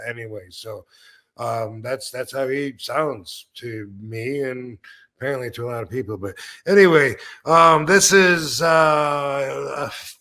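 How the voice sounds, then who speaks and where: A man's voice: mid-range voice, fairly bright tone. Male podcast host, easygoing and rambling, full of fillers and restarts. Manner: laughs between remarks. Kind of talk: casual chat.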